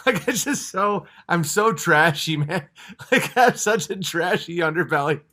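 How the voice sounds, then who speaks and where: A man's voice: fairly high pitch, expressive, measured pace, sharp tone. A man from upstate New York hosting a livestream, ranting in a fired-up, profane and blunt way. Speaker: livestream host. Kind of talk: casual livestream rant.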